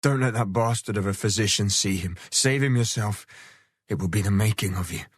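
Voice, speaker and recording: A man's voice: on the low side, fairly quick, breathy edge, no echo. A man voicing a weary, earnest young man, close to his own reading voice, in an audiobook. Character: wounded weary young man, cold and helpful.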